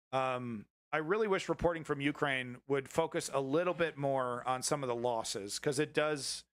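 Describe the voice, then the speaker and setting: Opinionated profane streamer. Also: male voice, medium pitch, fairly bright tone. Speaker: news streamer host. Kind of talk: casual news commentary.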